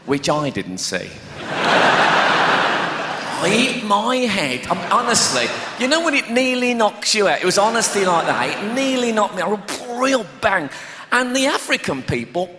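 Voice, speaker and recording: Animated comedian in an echoey hall. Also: male voice, sits high, a little slow, noisy background. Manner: chatty, animated, laughing at his own stories. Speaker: stand-up comedian. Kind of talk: live stand-up storytelling. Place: large theatre with a live audience. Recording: echoey live hall recording with audience.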